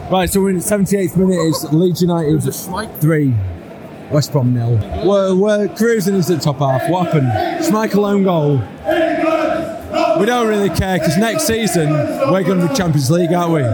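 A man's voice: high voice, moderate pace, background noise. A man in a football stadium chanting players' names and giddily narrating the score. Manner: chanting, giddy. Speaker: football fan. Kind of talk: chanting, commentary in a crowd. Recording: loud music and crowd behind.

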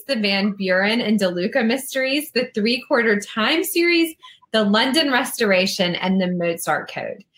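A woman's voice: medium pitch, fairly bright tone. A woman co-host reading a guest's bio in a friendly, chatty way.

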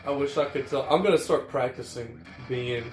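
A man's voice: mid-range voice, normal speed, reverberant, soft background music. A man co-hosting a podcast in casual chat, joking and self-mocking. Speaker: podcast co-host.

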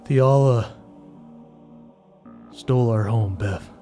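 A man's voice: medium pitch, extremely slow, dark tone, faint music behind. A man voicing a weary older father bound to devils, speaking in a somber, resigned way.

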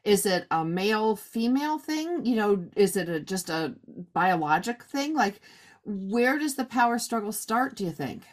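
A woman's voice: medium pitch, big pitch swings, normal speed. A middle-aged woman hosting a casual chat, asking questions in a rambling, conversational way. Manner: chatty, rambling with fillers and restarts, asks questions. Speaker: host.

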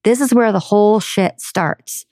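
A woman's voice: medium pitch, measured pace, a little mellow, dry recording, clean studio sound. A woman hosting a self-help podcast, talking earnestly and conversationally to her listeners. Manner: earnest, conversational, acts out quoted parents. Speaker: podcast host.

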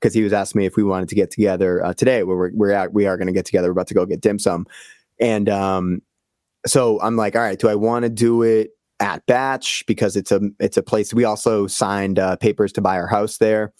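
A man chats on a podcast, spinning an animated story and swearing freely. His voice sits a little low and is recorded dry and close, with no room sound. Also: a little fast, no room sound. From Boston area. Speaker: podcast guest. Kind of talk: casual podcast chat.

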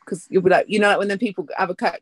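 A woman co-hosting a casual podcast chat from home, self-deprecating and quick to protest. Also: mid-range voice, steady tone, husky, no echo. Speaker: podcast co-host. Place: home with a pet dog nearby.

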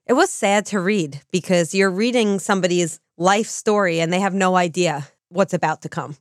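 A woman co-hosting a true-crime podcast, explaining things in a measured, casual way. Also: fairly low pitch, no echo, studio quality. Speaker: podcast co-host.

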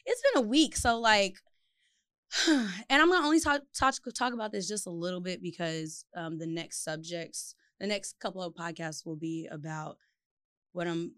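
A woman's voice: on the low side, moderate pace, fairly bright tone, clean tone, no room sound, studio quality. A young adult woman hosting a podcast, ranting outspokenly and swearing in casual chat. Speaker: podcast host.

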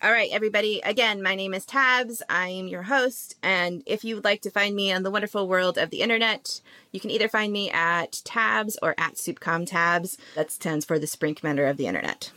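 A woman's voice: medium pitch, fairly quick, bright, forceful tone, no room sound. A woman hosting a casual podcast chat, chatty and laughing often. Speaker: podcast host.

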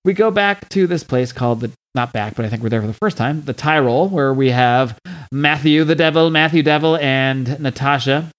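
A man's voice: medium pitch, moderate pace. A man hosting a podcast, casually recapping a comic book with lots of fillers and restarts. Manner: recaps a comic with frequent fillers, reads dialogue aloud. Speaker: podcast host.

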